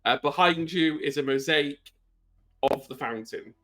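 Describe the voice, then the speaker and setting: A man narrating as game master of a tabletop horror game, slow and halting with many fillers. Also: a little high, bright, forceful tone.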